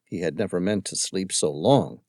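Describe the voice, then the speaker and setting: A male audiobook narrator reading a novel in steady, even storytelling. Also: sits low, moderate pace, no room sound, studio quality. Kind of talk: scripted narration.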